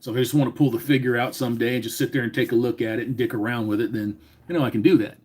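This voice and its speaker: A man's voice: medium pitch, steady tone, very fast, darkish tone, slightly rough. A man in his forties hosting a casual live stream, talking loosely with lots of swearing and reading out names from the chat. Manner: profane, rambling, reads chat names aloud. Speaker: livestream host.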